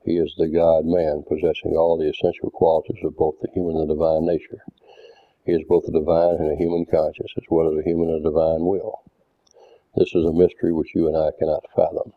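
Male preacher, deliberate teaching sermon with scripture readouts; deep bass, dry and lo-fi like a phone line. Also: flat delivery, no room sound. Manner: deliberate, didactic, reads verses aloud. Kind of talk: doctrinal sermon with scripture readings. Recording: tinny phone-like dry sound.

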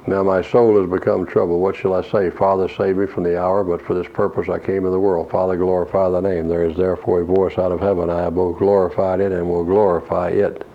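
A man preaching an expository Bible lesson, reading verses slowly and explaining Greek words in a measured way. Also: low-pitched, little pitch movement. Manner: slow, measured reading of scripture with Greek word study. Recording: dull lo-fi recording with faint hiss.

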